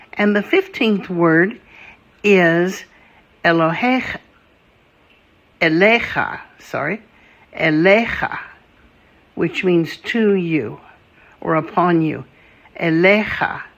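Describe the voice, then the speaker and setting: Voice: medium pitch, a bit bright, dull audio. A language teacher running a patient vocabulary drill, saying each word and asking the listener to repeat it.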